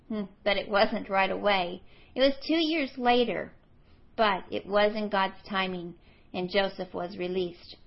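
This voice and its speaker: A middle-aged woman teaching a women's Bible study, earnest and slowing down to stress her key questions. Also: medium pitch, lo-fi sound.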